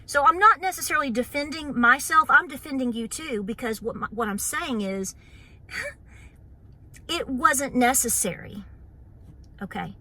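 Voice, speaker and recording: Appalachian lady talking to camera, kinda high, real bright, lots of um and you know. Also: expressive, measured pace, pauses often. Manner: chatty, many fillers, playful mock voices. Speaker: homestead channel host. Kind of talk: casual chat to camera.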